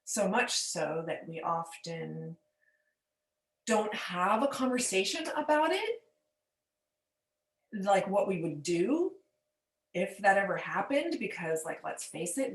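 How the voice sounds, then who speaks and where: A woman coach talks through her lesson with patience, leaning on everyday examples and pausing to check that the listener is following. Her voice sits at an ordinary middle pitch. The recording carries a noticeable roomy echo. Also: very animated. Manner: checks in with "okay?". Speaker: forgiveness coach. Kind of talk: teaching monologue.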